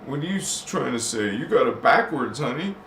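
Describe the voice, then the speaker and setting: A man's voice: mid-range voice, big pitch swings, brisk, a bit bright. A man hosting a casual livestream chat, talking loosely with the audience, laughing often and slipping into chanted made-up words. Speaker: livestream host. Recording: roomy, with faint background hiss.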